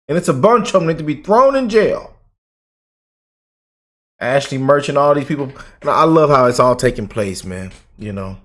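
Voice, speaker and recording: A young man hosting a reaction channel, ranting heatedly and repeating himself, then dropping to quiet asides. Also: on the high side.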